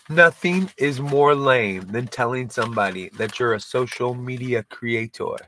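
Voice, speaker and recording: A man's voice: mid-range voice, unhurried, hardly any pauses, sharp tone, a little hiss or hum. Rambling, self-mocking male comedian. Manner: rambling, self-deprecating, profane, with many stumbles and restarts. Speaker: comedian and video creator. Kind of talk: casual stand-up monologue to camera.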